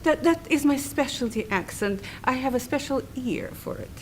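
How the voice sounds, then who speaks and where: A woman's voice: sits high, animated, normal speed, a little hiss or hum, poor audio. A woman playing an affected, fussy accent coach in a comedy sketch, calling people darling.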